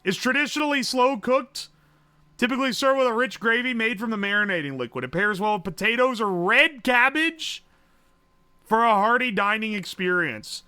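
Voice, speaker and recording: A man's voice: extremely high pitch, expressive, normal speed, bright, forceful tone, clear, resonant tone, no echo. A young man streaming live, swearing, joking and thinking aloud as he guesses. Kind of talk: casual livestream commentary.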